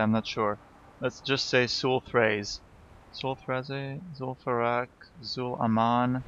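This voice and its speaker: A man narrating a game dungeon in a relaxed, casual way, trying out names as he goes. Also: mid-range voice, slow pace, highs cut off. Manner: relaxed, unsure of names, reads quest text aloud.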